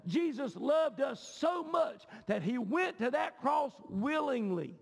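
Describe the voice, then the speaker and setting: A man preaching a sermon, often shouting with a rising cadence. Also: extremely high pitch, lively intonation, takes it slowly, creaky, hardly any pauses, husky. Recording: long hall reverb.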